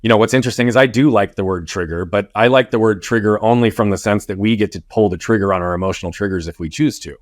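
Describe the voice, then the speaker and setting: A man's voice: on the low side, quick pace, hardly any pauses, dry recording, studio quality. A man hosting a podcast interview, talking in an earnest, reflective way and often checking in with "right?". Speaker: podcast host.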